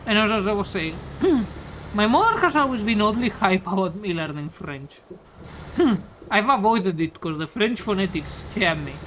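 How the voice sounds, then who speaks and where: A woman's voice: mid-range voice, animated, a little slow, a bit bright. Tipsy woman rambling over truck game noise. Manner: rambling, swears often. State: tipsy from beer. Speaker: livestreamer. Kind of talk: casual gaming stream chat. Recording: game engine noise behind voice. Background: truck driving game sounds.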